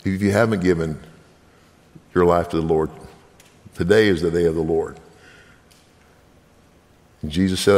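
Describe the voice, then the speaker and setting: Man, minister, earnest testimony; deep, rough voice in a reverberant church. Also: fairly even intonation, unhurried, long pauses, a little mellow. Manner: earnest, preaching, direct appeals to listeners. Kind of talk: sermon testimony.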